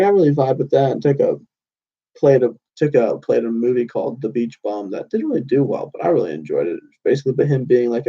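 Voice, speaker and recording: A man's voice: medium pitch, gravelly, warm tone, breathy edge, muffled recording. A young man rambling casually to his channel's viewers, loose and meandering with lots of fillers and restarts. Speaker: channel host. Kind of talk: casual rambling monologue to camera.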